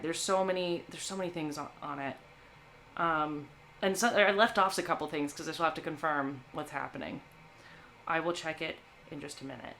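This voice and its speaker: A woman's voice: on the low side, a bit bright, slight background noise. A woman hosting a live movie stream, talking to her chat in a playful, chatty way.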